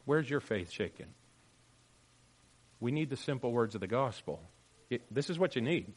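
A man preaching a sermon as pastor, swinging from loud emphatic lines to quiet, joking asides with his congregation. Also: mid-range voice, expressive, normal speed.

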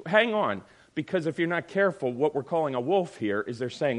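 A man's voice: on the high side, big pitch swings, fairly quick, hardly any pauses. A middle-aged man teaching a Sunday school class in an emphatic way, often acting out other people's voices.

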